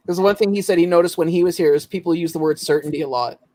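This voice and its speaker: A man's voice: on the high side, warm tone, poor audio. A man from Ontario, hosting a casual late-night collectors' chat, laughing often and trailing off mid-thought. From Ontario, Canada.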